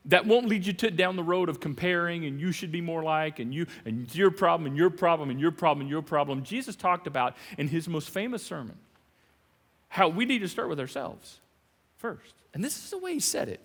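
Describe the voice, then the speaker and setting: A man preaching a sermon as pastor, animated and jokey, with sudden loud emphasis. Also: a little high, a little fast, big-room sound. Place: large church hall.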